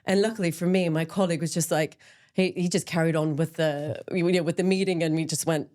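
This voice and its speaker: A middle-aged woman who founded a menopause support group talks candidly as an interview guest, with frequent ums and laughing at herself. Her voice sits low and darkish, with fairly even intonation and a slightly fast pace.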